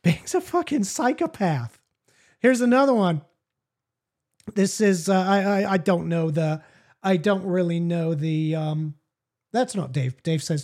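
A woman's voice: fairly low pitch, animated, a little slow, a little mellow. A woman podcast host giving profane, mocking comedic commentary while reading chat logs aloud.

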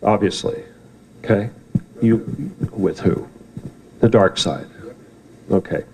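A man's voice: fairly low pitch, slow pace, a little mellow, slight background noise, poor audio. A man giving a rambling, heated talk to a live audience in an event room, often swearing and bantering with the crowd.

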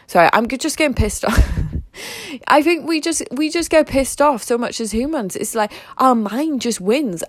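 A woman's voice: mid-range voice, no room sound. Swearing, fired-up woman vlogger. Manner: heavy swearing, intense and emphatic. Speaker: fitness vlogger. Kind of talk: casual fired-up monologue.

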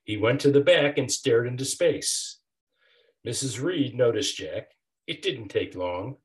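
Older male author reading a children's rhyme aloud, unhurried, with a lively sing-song rise and fall. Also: mid-range voice. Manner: rhythmic rhyming delivery. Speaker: author reading his picture book. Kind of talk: storybook read-aloud.

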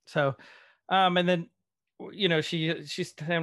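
A chatty podcast co-host with a gravelly voice that sits a bit high for a man. He leads the talk in a loose, casual way and leans on lots of fillers as he walks through a TV episode. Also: steady tone, measured pace, fairly bright tone. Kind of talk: casual chat recapping a TV episode.

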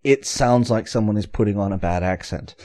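A man's voice: lowish voice, fairly quick, a crowd in the background. A man chatting in a party game, joking about making things harder. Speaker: game player. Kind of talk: casual party-game chat.

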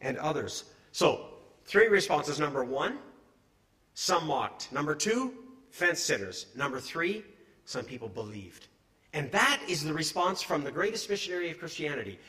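A middle-aged man preaching a sermon in an animated, conversational way, asking his congregation questions. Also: on the high side, moderate pace.

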